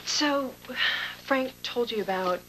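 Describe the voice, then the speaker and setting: A woman's voice: fairly high pitch, slow, a bit bright, a little hiss or hum, rough recording. An actress playing a guarded young woman who speaks in a wry, careful way in a TV drama. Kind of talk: daytime TV drama acting.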